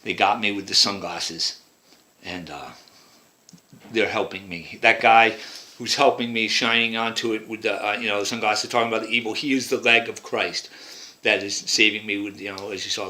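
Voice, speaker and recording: A man's voice: on the low side, fairly even intonation, brisk, pushed and bright. A man talking in a rambling, repetitive monologue, pointing out details in pictures as he goes. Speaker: vlogger interpreting images. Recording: roomy echo.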